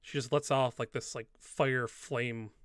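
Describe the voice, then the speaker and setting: A male game master narrates the scene in loose, rambling sentences packed with fillers. His voice sits at a middle pitch and sounds dry and close. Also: steady tone, a little slow, clear, resonant tone, dry recording.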